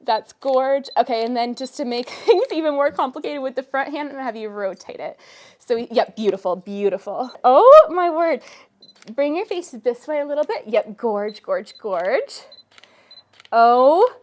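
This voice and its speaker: A woman's voice: a little high, animated, moderate pace, darkish tone. A young adult woman photographer in a studio, casually directing a model and gushing with repeated praise.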